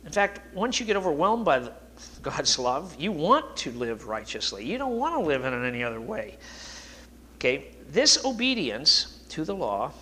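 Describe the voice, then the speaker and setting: Animated, lively-pitched male preacher. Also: moderate pace, a little hiss or hum. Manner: animated preaching, self-deprecating asides. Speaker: pastor. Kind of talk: sermon.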